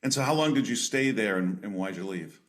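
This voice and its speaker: A man's voice: lowish voice, expressive, brisk, fairly bright tone. A man hosting a podcast interview, asking long, winding questions. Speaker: podcast host.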